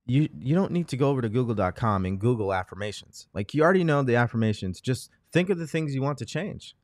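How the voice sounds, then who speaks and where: A man's voice: mid-range voice, expressive, fast talker, darkish tone, no echo, clean studio sound. A man hosting a motivational live show, talking earnestly and repeating phrases as he coaches listeners. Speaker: host.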